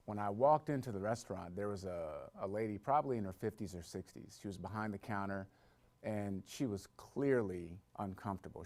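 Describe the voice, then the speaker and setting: A man's voice: on the low side, darkish tone. A man telling a personal story in a conversational way, then building to emphatic points as a motivational talk.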